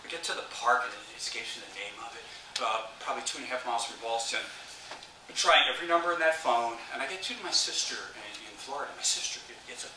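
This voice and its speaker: Animated man telling a story in an echoey hall. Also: mid-range voice, quick pace, far from the mic, slight background noise. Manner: animated, acts out quoted voices, stammers and restarts. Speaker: keynote speaker. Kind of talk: storytelling keynote speech. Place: large library hall.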